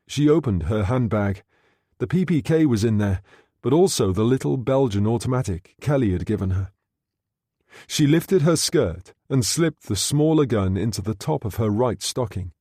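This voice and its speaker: A man reading a thriller audiobook in a steady, measured narration. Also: mid-range voice, no room sound, studio quality. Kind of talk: scripted narration.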